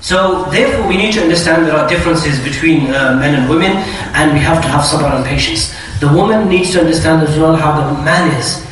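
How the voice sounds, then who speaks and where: Animated high-voiced man lecturing in an echoey hall. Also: fairly quick, distant mic. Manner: lively, animated explaining with acted-out quotes. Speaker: Islamic lecturer. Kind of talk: lecture to an audience.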